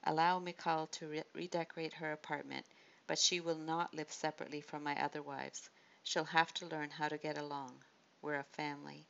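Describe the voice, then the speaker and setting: Commanding male king in an audiobook, firm and measured, as a woman reader plays him; low voice, dull lo-fi sound. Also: level tone, gravelly, a bit bright. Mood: exasperated.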